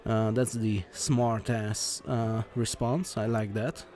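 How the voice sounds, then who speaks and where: Playing through a video game, a male let's play host talks haltingly, restarting often and filling pauses. His voice is lowish and slightly mellow, with fairly even intonation, and he voices the game's text plainly as himself.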